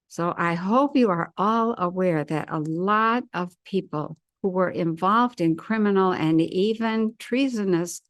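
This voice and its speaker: A woman giving a solo commentary as an intuitive commentator, measured and deliberate, with firm opinions. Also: fairly low pitch, no room sound, clean studio sound.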